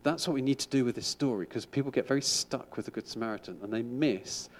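A man's voice: medium pitch, fast. A middle-aged man, a school chaplain, giving an informal sermon in a chatty, rambling way with frequent restarts.

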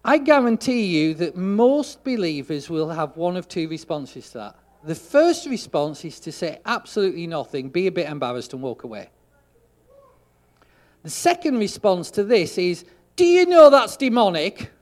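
A man preaching a sermon, telling a story and acting out the dialogue, getting loud for emphasis. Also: on the high side, sing-song, moderate pace.

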